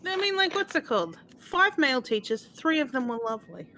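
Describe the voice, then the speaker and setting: Woman, casual game-stream chatter, bright tone, faint noise. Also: high-pitched, big pitch swings, a little fast. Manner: rambling, chatty storytelling with fillers. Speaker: streamer playing a retro game. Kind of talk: casual chat.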